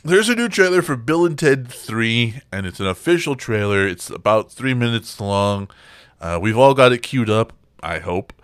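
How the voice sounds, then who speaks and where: A man hosting a podcast in casual chat, swearing and ranting with animated energy. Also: mid-range voice, moderate pace, clean tone, dry recording, studio quality, soft background music. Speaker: podcast host.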